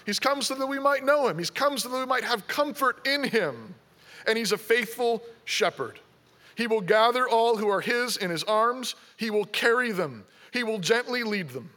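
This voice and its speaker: A man's voice: extremely high pitch, animated, moderate pace, bright, forceful tone. A man preaching a sermon, exhorting his listeners with strings of repeated rhetorical questions. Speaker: pastor.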